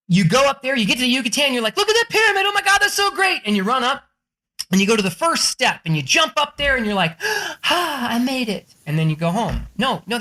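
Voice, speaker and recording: A man who is a podcast guest and author, telling profane, excitable stories and acting out quotes in a raised voice. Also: high-pitched. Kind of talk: animated storytelling in an interview.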